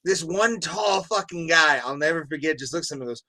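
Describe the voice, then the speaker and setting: A young man co-hosting a podcast, telling stories in a lively, profane, casual way. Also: a little high, a little fast. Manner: animated storyteller, swears freely. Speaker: podcast co-host. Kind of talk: casual chat.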